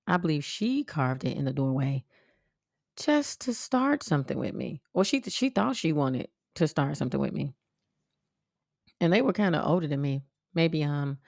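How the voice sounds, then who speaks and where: A woman podcast host telling a personal story in a blunt, profane, animated way. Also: deep voice, no echo, studio quality. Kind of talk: casual storytelling monologue.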